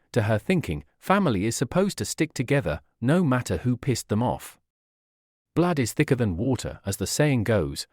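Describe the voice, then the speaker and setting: Man narrating a story, lively pitch. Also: no echo, clean studio sound. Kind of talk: first-person story narration.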